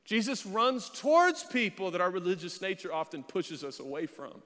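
A male pastor giving an animated sermon, mixing casual asides with loud acted-out bursts. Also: high-pitched, normal speed, in a large hall. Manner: animated preaching with sudden loud mimicking bursts.

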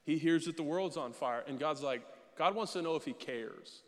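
A male pastor giving an animated sermon, mixing casual asides with loud acted-out bursts. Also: a little high, moderate pace, big-room sound. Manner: animated preaching with sudden loud mimicking bursts.

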